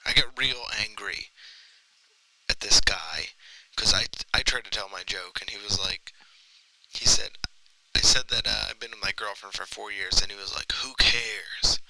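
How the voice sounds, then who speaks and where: Gravelly, sharp-toned male comic. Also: fairly low pitch, normal speed, long pauses, poor audio. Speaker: comedian. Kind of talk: casual intro to camera.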